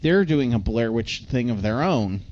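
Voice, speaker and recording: A man's voice: mid-range voice, expressive, moderate pace, a little mellow. Guy rambling through a movie plot on a podcast, like like uh, kinda muffled audio. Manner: rambling, full of "like" and "uh" fillers. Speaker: podcast co-host. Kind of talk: casual movie recap chat.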